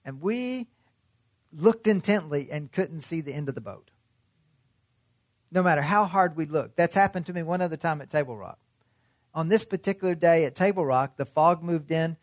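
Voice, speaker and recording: A man's voice: a little high, moderate pace, pauses often, no echo, clean studio sound. A man preaching a sermon in a conversational way, often asking his listeners questions. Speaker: pastor.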